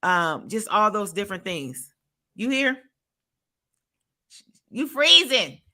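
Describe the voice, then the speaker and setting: Emphatic woman podcast host, bright voice. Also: mid-range voice, very animated, slow pace. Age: adult, a parent. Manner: emphatic, repeats phrases for effect. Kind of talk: faith-based podcast talk.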